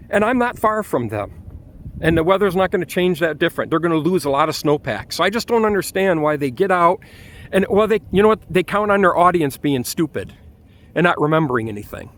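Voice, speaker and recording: A man with a Michigan accent vents to his phone camera outdoors in a vlog. His voice sits somewhat high for a man, and he keeps restarting his sentences as his anger spills over. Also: animated, fairly quick. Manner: angry, exasperated ranting with restarts. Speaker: vlogger. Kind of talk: ranting vlog.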